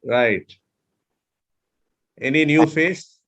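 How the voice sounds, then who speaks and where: In a muffled recording of an online mentoring session, a male speech mentor with an Indian English accent patiently shows his class tones by example. His fairly bright voice sits on the high side, and he draws out his words.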